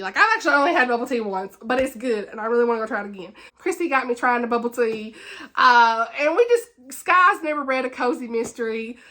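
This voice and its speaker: A woman hosting a casual book wrap-up vlog. She talks in an animated, ranting way, laughs often, and chats on with many fillers and repeated words. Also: fairly high pitch. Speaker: book reviewer, channel host.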